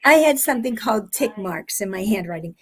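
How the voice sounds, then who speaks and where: A woman's voice: mid-range voice, lively intonation, brisk, a bit bright. A woman handwriting expert chatting as an interview guest, telling stories animatedly with frequent restarts. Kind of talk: casual interview chat.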